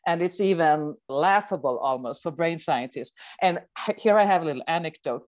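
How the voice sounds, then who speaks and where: A woman's voice: sits low, expressive, moderate pace, no echo. A woman in her forties, a brain scientist, talking animatedly in a podcast interview and laughing often.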